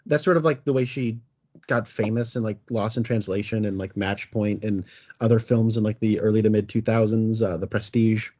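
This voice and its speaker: A man's voice: on the low side, fairly even intonation, moderate pace, darkish tone, muffled recording. A man co-hosting a podcast, casually critiquing a film in a hesitant, self-deprecating way. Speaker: podcast co-host.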